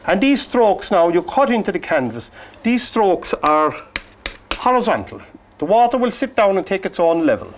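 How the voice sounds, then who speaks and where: A man, his voice a touch high and gravelly with fry. He walks through a painting demonstration in a gentle, coaxing way. There is a faint hiss of noise behind him. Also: sing-song, normal speed. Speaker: painting instructor.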